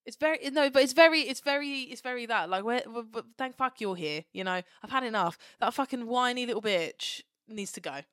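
A young Englishwoman co-hosting a podcast in casual chat, animated and sweary, acting out characters as she talks. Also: a little high, a little fast, few pauses, no room sound, studio quality. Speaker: podcast co-host.

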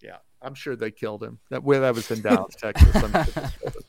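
A man, an actor, telling a story in a rapid, breathless way and acting out what people said. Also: medium pitch, vocal fry, a little mellow, dry recording, clean studio sound, soft background music. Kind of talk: animated anecdote telling.

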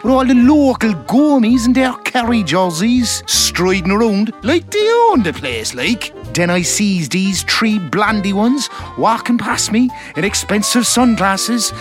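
A man's voice: sits high, lively intonation, measured pace, over music. An actor playing a brash working-class man from Cork, calling in to complain in a blunt, slangy rant. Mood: aggrieved. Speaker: caller.

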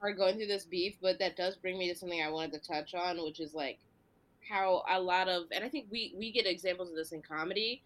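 Brisk and fairly bright, with a lowish voice, the woman hosts a casual podcast chat. She's a comedian from Delaware County, Philadelphia area, and she reflects earnestly, working through thoughts aloud in long runs.

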